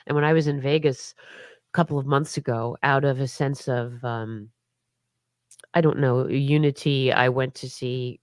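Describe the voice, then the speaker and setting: A woman's voice: rumbling low, moderate pace, dry recording, clean studio sound. Chatty middle-aged woman with hiccups. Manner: chatty, laughing, many restarts. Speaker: guest performer. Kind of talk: casual interview chat.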